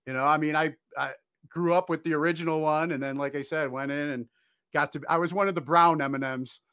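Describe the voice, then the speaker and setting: A man hosting a casual interview, relaxed and agreeable. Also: fairly high pitch, a little fast, dry recording, clean studio sound. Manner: relaxed, agreeable, short reactions. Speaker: host.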